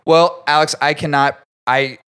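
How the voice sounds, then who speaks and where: A man's voice: on the high side, steady tone, a little slow, a bit bright, clean tone. A man hosting a podcast from his home basement, chatting casually, laughing often and swearing now and then. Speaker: podcast host. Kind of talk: casual chat.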